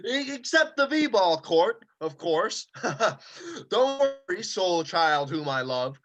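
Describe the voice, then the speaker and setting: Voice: medium pitch, big pitch swings, slow, a bit bright. An actor playing a sports-obsessed suburban dad in an amateur comedy sketch, with a brash, bossy coaching tone. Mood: smug. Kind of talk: amateur comedy sketch over video call.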